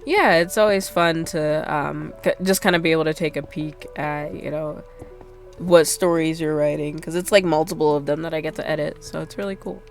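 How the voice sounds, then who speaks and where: A woman's voice: low voice, steady tone, moderate pace, faint music behind. A woman streamer chatting casually while she plays, rambling with lots of fillers and self-deprecating asides. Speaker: game streamer. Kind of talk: casual gameplay chat.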